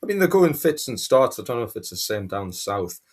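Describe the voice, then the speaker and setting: A man speaking as a guest on a casual show, halting often and filling pauses with ums. His pitch sits in the ordinary middle range. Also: sing-song. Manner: hesitant, halting, many fillers. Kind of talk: casual chat.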